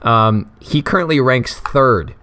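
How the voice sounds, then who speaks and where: A man's voice: mid-range voice, slow, pushed and bright. A man co-hosting a podcast, chatting casually and jokingly with lots of fillers and restarts. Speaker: podcast co-host. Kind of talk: casual chat about fantasy football.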